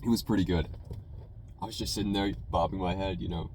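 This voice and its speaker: A young man with a fairly low voice, recounting a story in a loose, rambling way. He keeps slipping in casual fillers as he goes. He is sitting in a car, and a faint hum of noise runs underneath. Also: fairly even intonation, brisk, a little mellow, rough recording. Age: young adult. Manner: rambling, conversational, full of "you know" and "man". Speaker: food reviewer telling a story.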